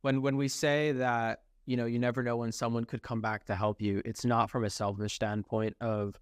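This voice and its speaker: A man's voice: mid-range voice, little pitch movement, moderate pace, smooth, no room sound, clean studio sound. A young man co-hosting a podcast, chatting playfully and swearing casually. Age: young adult. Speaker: podcast co-host.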